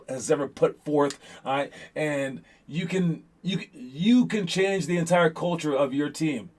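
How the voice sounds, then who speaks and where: Rambling young man hosting a hoops show. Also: fairly high pitch. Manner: rambling, many restarts and "all right?" check-ins. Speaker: host of a youth basketball show. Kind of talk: casual motivational talk.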